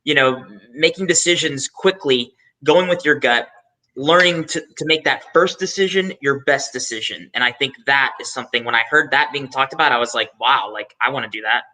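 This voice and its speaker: A man explains an idea over a video call, hesitating with many ums and restarting his sentences. His voice is sharp and very bright, in a middle register. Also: medium pitch, moderate pace, low-quality recording. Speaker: panelist. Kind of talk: casual chat.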